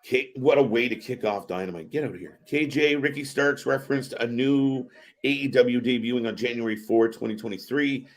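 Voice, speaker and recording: A man hosting a live wrestling watch-party stream, giving excitable, profane reaction commentary. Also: mid-range voice, a little fast. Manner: excitable and profane, swearing often.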